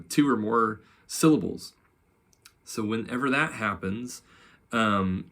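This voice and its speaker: A man who teaches psalm chanting in an unhurried, gentle way, with many ums and uhs. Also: lowish voice, vocal fry. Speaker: church music teacher. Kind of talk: teaching psalm chanting, speaking and singing examples.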